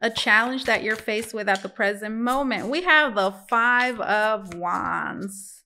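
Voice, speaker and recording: A woman's voice: mid-range voice, slow, sharp tone, a little hiss or hum. A woman reading tarot cards for her viewers in a casual, musing way, talking to them as guys. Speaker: tarot reader.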